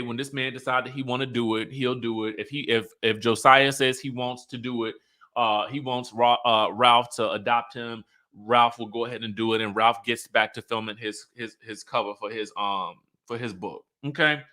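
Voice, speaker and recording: A man's voice: mid-range voice, pushed and bright. A man recapping a reality show in a sassy, chatty way, full of asides and laughing at his own remarks. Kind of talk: casual show recap commentary.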